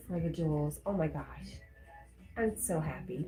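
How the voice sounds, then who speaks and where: A woman's voice: sits low, lively intonation, measured pace, warm tone. A woman hosting a casual livestream, reading viewer comments aloud and laughing often. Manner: chatty, laughs often, reads chat aloud. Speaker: livestream host. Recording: roomy echo with faint music.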